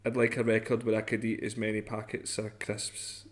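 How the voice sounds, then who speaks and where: A man's voice: on the low side, completely flat delivery, normal speed. A Scottish man chatting casually as a podcast co-host, rambling and self-deprecating. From Scotland. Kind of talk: casual chat.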